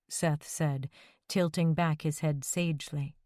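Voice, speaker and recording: A woman narrates a romance audiobook in an even, measured way. Her voice sits low, and the recording is dry and close. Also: no echo. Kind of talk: scripted narration.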